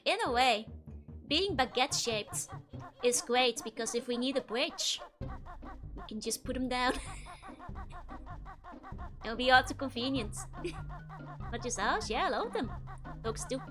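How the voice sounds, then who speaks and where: A young native Dutch speaker with a Dutch accent streams a game, chatting, giggling and answering her chat over game music. Her voice sits high with lively intonation, a little slow and with long pauses.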